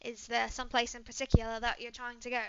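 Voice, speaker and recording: A woman voicing a poised young British woman trainer who speaks in a prim, gently condescending way with a put-on British accent. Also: a little high, completely flat delivery, fast talker, smooth, highs cut off, lightly acted. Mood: polite.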